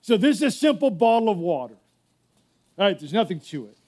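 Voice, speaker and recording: High-pitched guy preaching hard, emphatic pastor energy. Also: sing-song, brisk, darkish tone. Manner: fervent, emphatic preaching with repetitions. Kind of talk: sermon.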